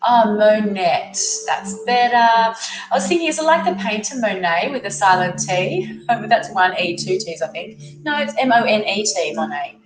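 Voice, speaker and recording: A woman's voice: mid-range voice, animated, normal speed. An Australian woman with a cold hosts a casual livestream, greeting viewers by name and reading their comments aloud. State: has a cold. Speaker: livestream host, tarot reader. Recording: echoey room with music playing. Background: music.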